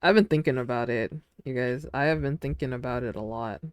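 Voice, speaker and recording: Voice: medium pitch, fairly quick, clean tone, no echo. A streamer chatting casually with their audience while drawing. They ramble with lots of fillers and giggle often.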